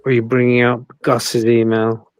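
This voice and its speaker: A man co-hosting a casual livestream, measured and thoughtful in his comments. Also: medium pitch, monotone, smooth.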